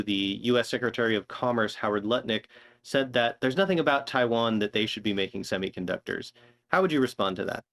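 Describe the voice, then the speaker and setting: A man interviewing, asking a steady, direct question. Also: medium pitch.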